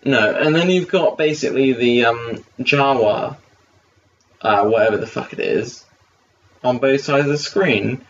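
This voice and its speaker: A man's voice: mid-range voice, measured pace. Rambling, swearing man on a distant mic. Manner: swearing, rambling, many fillers. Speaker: podcast co-host. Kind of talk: casual commentary chat. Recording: distant lo-fi mic with faint hiss.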